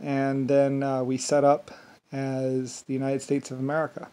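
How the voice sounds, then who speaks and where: A man's voice: medium pitch, completely flat delivery, moderate pace, warm tone, clear, resonant tone. A man in a rambling casual monologue, chuckling often between phrases as a vlogger.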